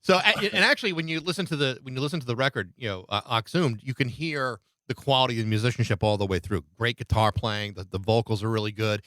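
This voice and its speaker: A man's voice: mid-range voice, quick pace, hardly any pauses, bright, forceful tone, no room sound. A male radio show host chatting easily with his guest and asking long, rambling questions. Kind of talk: interview questions.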